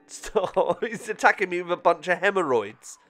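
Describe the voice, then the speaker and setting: A man giving excitable, self-mocking let's-play commentary with frequent swearing. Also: high-pitched, normal speed, soft background music. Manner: excitable, swearing, laughing at himself. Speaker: gaming channel host.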